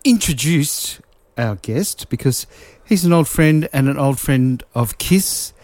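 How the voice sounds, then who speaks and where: A man's voice: on the high side, expressive, slow pace, darkish tone, dry recording. A man hosting a casual radio interview, chatty and friendly as he prompts his guest with questions. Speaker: radio host. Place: radio studio. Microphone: close studio microphone.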